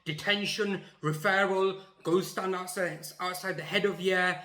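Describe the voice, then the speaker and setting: A man voicing a strict, angry female teacher with a sharp, scolding voice, raising it as she tells a pupil off. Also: high-pitched, steady tone, unhurried, reverberant, pitched above the performer's own voice.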